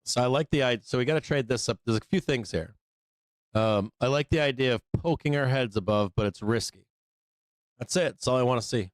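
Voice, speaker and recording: A man's voice: mid-range voice, fairly quick, dry recording. A man hosting a live trading stream, talking in a rambling, profane way full of fillers and mocking quotes of other traders. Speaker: livestream trading host. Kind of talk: casual live-stream commentary.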